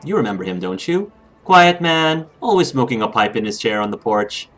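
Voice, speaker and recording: A man's voice: mid-range voice, sing-song, fairly bright tone. A man reading as a doting, tender mother. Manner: slow, tender letter reading. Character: doting mother writing to her daughter.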